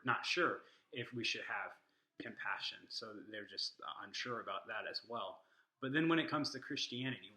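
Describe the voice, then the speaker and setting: A man's voice: mid-range voice, pushed and bright, roomy sound, poor audio. A man teaching an informal lesson on worldviews, earnest and stressing the quotes he reads aloud. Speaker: Christian apologetics teacher.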